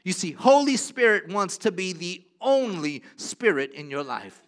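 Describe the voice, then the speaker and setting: A man preaching a sermon, emphatic and repetitive, moving between soft, low passages and loud, rising declarations. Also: sing-song, a little slow.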